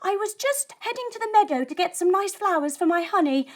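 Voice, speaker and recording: A woman's voice: extremely high pitch, expressive, brisk, voice pushed up. A woman voicing a cheerful little male honeybee who speaks eagerly and politely. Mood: friendly.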